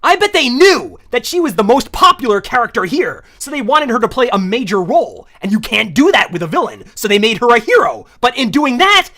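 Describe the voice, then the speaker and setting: A woman's voice: on the high side, sing-song, brisk, few pauses, bright, forceful tone. A woman reviewing a cartoon with sarcastic, ranting commentary and mock outrage.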